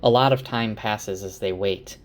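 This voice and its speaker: A man's voice: on the low side, unhurried. A man talking through a fantasy novel's plot in a loose, casual way. He rambles, stumbles over names and corrects himself as he goes. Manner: rambling with fillers and self-corrections. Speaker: book summarizer. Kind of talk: casual spoken book recap.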